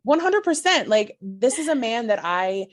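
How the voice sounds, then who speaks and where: A woman's voice: fairly high pitch, sing-song, moderate pace. Giggly gushing woman telling a story. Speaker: podcast co-host. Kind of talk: excited storytelling chat.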